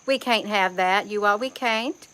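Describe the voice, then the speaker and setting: A woman's voice: mid-range voice, unhurried, pushed and bright, low-quality recording. A woman hosting a casual livestream outdoors, chatting to viewers by name in a folksy way and often saying "you all". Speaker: livestream host reading chat. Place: outdoors among trees.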